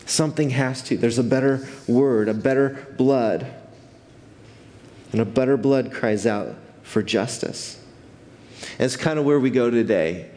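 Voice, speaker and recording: Pastor giving a lively, chatty sermon in a church hall with a long echo, mid-pitched man's voice. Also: unhurried. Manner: animated, conversational preaching with restarts. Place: church sanctuary.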